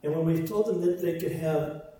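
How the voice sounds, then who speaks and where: Man, sermon, dark mellow voice, emphatic repetition, echoey hall, mic set back. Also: on the high side, normal speed. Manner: emphatic, repeats phrases in parallel. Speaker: preacher. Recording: roomy echo, voice from far off.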